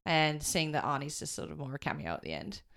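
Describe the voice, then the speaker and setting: Young nz woman, laughy casual podcast chat, kinda lowish voice. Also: big pitch swings, fast, vocal fry, fairly bright tone. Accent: New Zealand. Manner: chatty, laughs often, retells stories in quoted voices. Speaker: podcast co-host.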